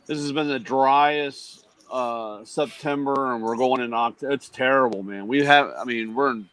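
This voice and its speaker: A man's voice: medium pitch, measured pace, a bit bright, smooth. An easygoing man chatting casually on a talk show and laughing often. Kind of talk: casual chat.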